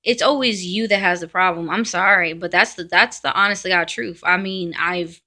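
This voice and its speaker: A woman's voice: on the low side, moderate pace, pushed and bright. A woman vlogger talking bluntly to camera in a casual, ranting monologue.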